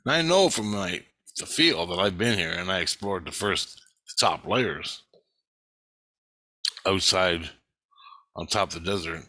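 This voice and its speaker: A man's voice: low-pitched, animated, unhurried, pauses often, sharp tone. A man telling a personal story in a casual, rambling way, swearing a lot and restarting his sentences. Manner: rambling, profane, with frequent restarts. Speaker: vlogger recounting an astral travel experience.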